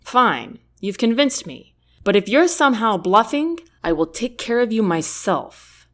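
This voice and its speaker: A woman's voice: on the high side, very animated, a little slow. A woman voicing a suspicious male ship captain in a storybook, curt and demanding. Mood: stern.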